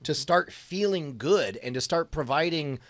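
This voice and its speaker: A man co-hosting a casual podcast, talking in a rambling, self-deprecating way with lots of halting restarts. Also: on the high side, animated, fairly bright tone, dry recording. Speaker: co-host.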